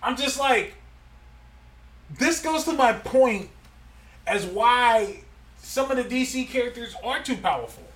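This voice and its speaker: Animated high-voiced man chatting. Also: measured pace, long pauses, echoey room, distant mic. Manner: animated, laughs often, emphatic. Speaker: podcast co-host. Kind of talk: casual chat.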